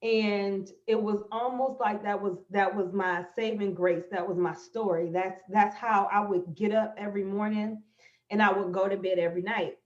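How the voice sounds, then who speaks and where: A woman's voice: mid-range voice, steady tone, normal speed, darkish tone. A woman speaks to her viewers on a live stream, telling a personal story with open emotion and calling them "y'all" as she goes. Her voice sits in the middle of the female range. The sound is roomy, with a lot of echo, and slightly muffled, as from a phone or webcam stream. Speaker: motivational speaker. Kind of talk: livestream talk on manifestation. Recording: echoey, slightly dull live-stream audio.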